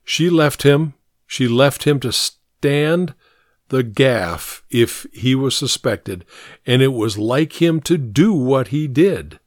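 Expressive male audiobook narrator. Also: mid-range voice, slow pace, no echo, studio quality.

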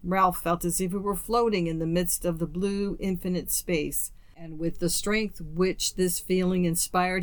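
Storyteller reading old short stories out loud, steady and expressive, dry close mic, middling pitch. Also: no echo. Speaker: story reader. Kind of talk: storybook narration.

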